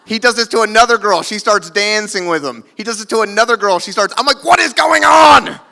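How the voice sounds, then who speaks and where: A man in his thirties telling a comic story live on a theater stage, animated and lively. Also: high voice, quick pace.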